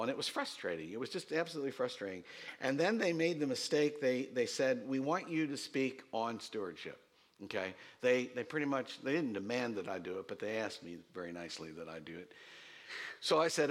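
A male pastor delivers a sermon with lots of pitch movement, his voice leaping up on emphatic points and dropping low for asides. He repeats his main lines for weight and slips in quick, conversational remarks to the congregation. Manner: animated preaching, swooping pitch, quick asides.

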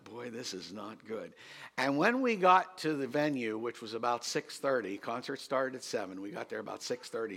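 A middle-aged man, a pastor, telling a story in a sermon and swinging from quiet asides to loud emphasis. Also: mid-range voice, creaky.

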